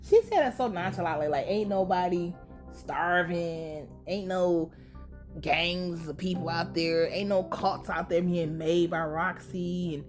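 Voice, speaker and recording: A woman's voice: lowish voice, a little slow, soft background music. A young woman hosting a casual, profane recap of a TV series. She swears freely, uses a lot of slang and laughs often. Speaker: podcast host recapping a TV series.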